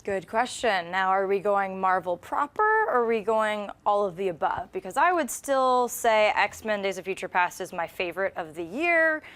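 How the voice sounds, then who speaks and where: A woman's voice: medium pitch, animated, moderate pace, few pauses, a bit bright. A woman who works as a senior movie news editor, chatting enthusiastically on a casual panel.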